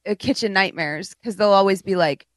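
A woman's voice: medium pitch, a little fast, dry recording. A woman co-hosting a podcast, chatting casually, laughing often and mimicking people. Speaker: podcast co-host. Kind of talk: casual chat.

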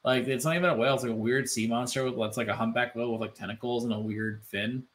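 A man co-hosting a casual podcast chat, animated and loose, full of "like" fillers and swearing. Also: medium pitch, fast talker, a little hiss or hum. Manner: animated, swearing, many "like" fillers, mimics voices. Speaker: podcast co-host.

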